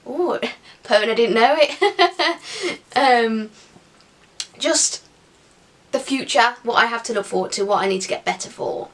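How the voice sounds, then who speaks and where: A woman's voice: a little high, lively intonation, measured pace, pauses often. A young woman chatting casually to camera in an upbeat Q&A vlog, with giggly asides. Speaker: vlogger.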